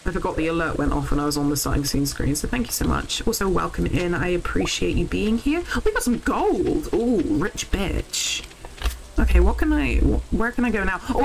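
Young woman, casual game streamer, lowish voice with very animated pitch, excitable and sweary. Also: slight background noise, low-quality recording. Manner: excitable, swears freely, chats to viewers. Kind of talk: casual live game commentary.

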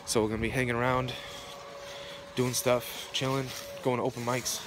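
A man's voice: mid-range voice, flat delivery, normal speed. A young man vlogging outdoors in the cold on his phone, shivering as he rambles and swears in a heated rant. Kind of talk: casual rambling rant to camera. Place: outdoors in the cold near traffic. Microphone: phone camera. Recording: noisy outdoor phone recording with traffic.

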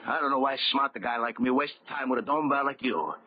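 An actor playing a bitter, boastful male deep-sea diver who is hungry for money, with sneering street slang, in a 1930s radio drama. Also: fast, lightly acted. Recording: tinny 1930s radio broadcast, hiss.

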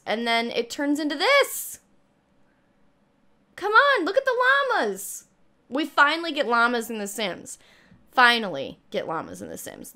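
Young woman squealing and gushing, kinda breathless, a bit high voice. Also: a bit bright. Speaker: gaming YouTuber reacting to a trailer. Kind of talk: excited reaction and reading aloud.

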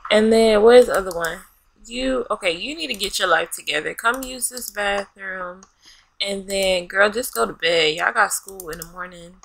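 Young woman gamer, bright and gravelly, unhurried, playful commentary with lots of laughter. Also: mid-range voice, low-quality recording. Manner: loud, laughing, playful, talks back to the game characters in slang. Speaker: gaming YouTuber. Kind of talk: casual let's-play commentary.

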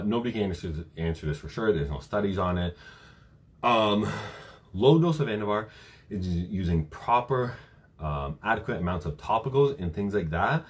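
A young man coaching viewers through a live-stream Q&A at home, reading chat questions aloud and answering casually with many fillers. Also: deep voice. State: briefly out of breath.

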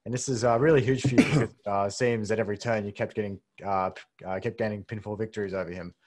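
Host: deep-voiced Australian man, easygoing, drops "uh" and swears casually. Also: fairly even intonation, quick pace, a little mellow. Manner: laid-back, swears casually, many "uh"s. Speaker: podcast co-host. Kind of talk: casual podcast interview. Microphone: video call.

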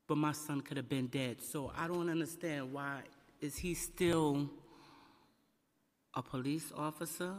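A woman testifying at a council hearing about her son, emotional and close to tears, halting and repeating her questions. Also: low voice. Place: large council chamber. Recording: long echo of a large hall.

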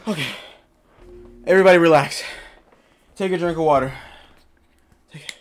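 A man's voice: fairly high pitch, normal speed. A young man commentating a horror game as he plays it, jittery and panicky, talking to himself and his viewers. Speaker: gaming YouTuber.

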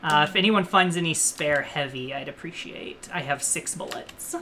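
Low-voiced woman gaming, keyboard clacking. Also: moderate pace, bright, forceful tone, slight background noise. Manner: swears freely, playful, joking. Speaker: streamer. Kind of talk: casual gaming chat. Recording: clear keyboard typing behind.

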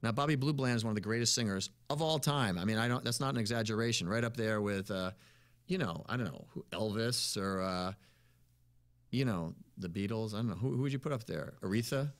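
A man's voice: fairly low pitch, fairly quick. A man, a musician guest in a casual interview, telling stories in an easygoing, rambling way. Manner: easygoing, rambling, peppered with "you know" and "man".

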